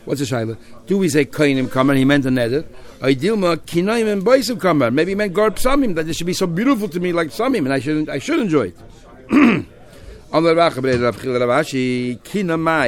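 Man, Talmud teacher, mid-pitched voice, talks through text with restarts and Hebrew terms. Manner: explains in a Yeshivish mix of Hebrew and Aramaic terms with English, with many restarts. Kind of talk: Talmud class lecture.

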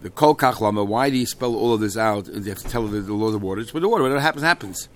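A Talmud teacher explains a page by reading Aramaic phrases and then translating them, chatting along with many fillers. His voice is fairly low and his delivery rapid-fire.

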